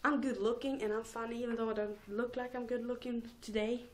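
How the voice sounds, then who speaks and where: A woman's voice: fairly high pitch, flat delivery, brisk. A teenage girl rambling casually in a home vlog, giggling and mocking herself between thoughts. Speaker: vlogger.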